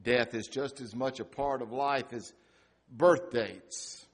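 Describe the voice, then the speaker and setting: A middle-aged male pastor preaching a sermon, rising to loud emphatic peaks and dropping to quiet, hushed lines. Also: medium pitch, takes it slowly.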